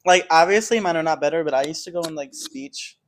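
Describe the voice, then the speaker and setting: A woman's voice: deep voice, fast talker, a little hiss or hum. A teenage girl co-hosting a podcast with friends. She rambles through her points with lots of "like" and side tangents. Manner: rambling, full of likes and tangents. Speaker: podcast co-host. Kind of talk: casual chat.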